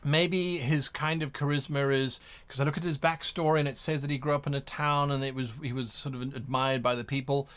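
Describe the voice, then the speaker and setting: A man hosting an instructional talk in an animated way, acting out examples as he goes. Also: mid-range voice, a little fast, hardly any pauses. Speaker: host.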